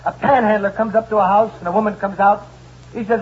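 Punchy joke guy, super high and raspy, muffled old radio. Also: steady tone, fast talker. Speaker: panelist. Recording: dull old radio broadcast.

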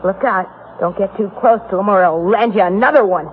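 A woman's voice: mid-range voice, a little fast, a little hiss or hum, natural voice. A woman voicing a nervous, jumpy schoolboy in a gang, in 1940s radio acting style. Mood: anxious. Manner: jumpy, anxious. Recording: tinny old radio broadcast.

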